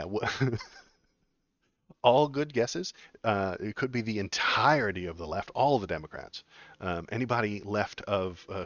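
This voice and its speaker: A man's voice: lowish voice, fairly bright tone, dry recording, highs cut off. A man hosting a casual political live stream, reading news aloud and chatting with his viewers. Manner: chatty, reads news aloud and reacts to chat.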